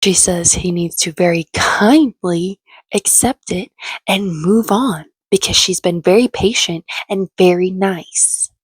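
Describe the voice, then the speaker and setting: A woman's voice: fairly low pitch, measured pace, breathy edge, no room sound. A woman giving casual, sarcastic, opinionated commentary as she recaps a reality show.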